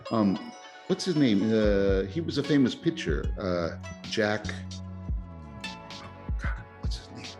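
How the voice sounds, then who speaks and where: Rambling excitable man, casual chat. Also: on the low side, takes it slowly, pauses often, music in the background. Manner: rambling, excitable, many restarts. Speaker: podcast host. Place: lives in Japan.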